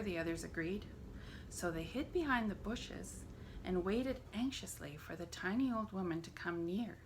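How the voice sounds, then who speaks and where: A woman leading a church family program, reading a children's story aloud in an expressive storytelling manner. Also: lowish voice, normal speed, noisy background.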